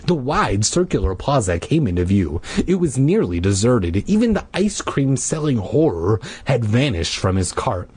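Brief: hoarse, husky male reader, lively delivery, dry sound, casual with crude asides. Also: mid-range voice, normal speed, few pauses, no echo. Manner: casual, ad-libbing crude jokes. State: hoarse from illness. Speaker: audiobook reader. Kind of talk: casual read-aloud of a children's horror book.

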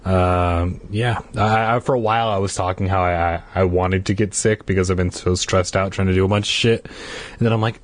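A man casually reading a children's horror book aloud, hoarse from being sick and slipping in crude jokes. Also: sits low, steady tone, normal speed. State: hoarse from illness. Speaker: audiobook reader.

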